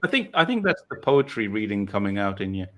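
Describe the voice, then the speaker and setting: A man's voice: lowish voice, big pitch swings, fast talker, a loud crowd. A man from northeast England hosting a casual chat, rambling and self-deprecating as he tells his story. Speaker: host.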